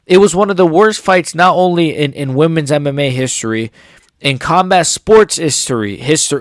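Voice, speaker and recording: A young man giving a profane, heated fight reaction as an MMA YouTuber, often swearing and rising into shouts. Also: a little high, lively intonation, normal speed, no echo, clean studio sound.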